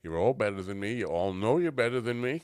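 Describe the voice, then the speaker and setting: A man's voice: on the low side, expressive, quick pace, darkish tone, smooth, dry recording, clean studio sound. A man hosting a casual chat show, rambling and self-mocking, easily distracted, coming down from a cannabis edible. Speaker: podcast host.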